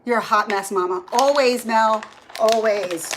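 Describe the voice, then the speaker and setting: A woman's voice: a little high, a little slow, noisy background. A middle-aged woman, chatting casually on a live stream from her phone at home, greeting viewers by name and laughing often. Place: home kitchen.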